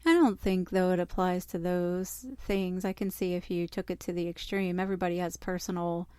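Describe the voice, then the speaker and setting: Low-voiced woman, frank and teasing. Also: fairly even intonation, warm tone, clean tone, dry recording, clean studio sound. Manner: teasing, frank, quick to laugh along. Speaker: podcast co-host. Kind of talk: casual group chat.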